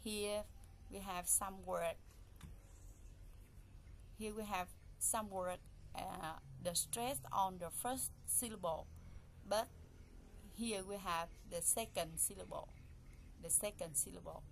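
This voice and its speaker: A woman's voice: mid-range voice, slow, creaky, long pauses, slight background noise. A woman teaching English pronunciation, repeating each word and counting its syllables aloud in simple, non-native phrasing. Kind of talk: classroom pronunciation lesson.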